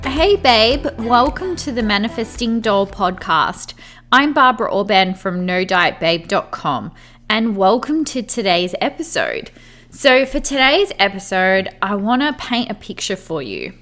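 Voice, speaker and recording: A woman hosting her own podcast talks in a loose, chatty style and peppers her speech with "like". Her voice is bright and forward, and faint music plays underneath. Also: medium pitch, very animated, measured pace. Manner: acts out imagined friends' voices. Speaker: podcast host. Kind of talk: casual podcast chat.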